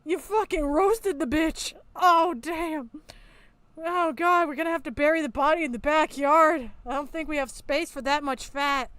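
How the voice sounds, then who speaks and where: High-voiced woman roasting with crude jokes. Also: no echo. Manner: crude, mocking, bursts into loud laughter. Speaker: streamer reacting to a video. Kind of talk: casual commentary.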